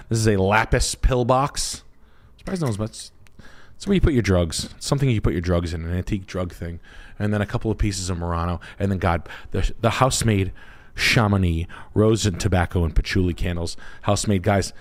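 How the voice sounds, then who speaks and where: A man hosting a podcast, talking brashly and profanely in crude comic chat. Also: low voice. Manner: brash, profane, puts on voices while telling stories. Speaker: podcast host.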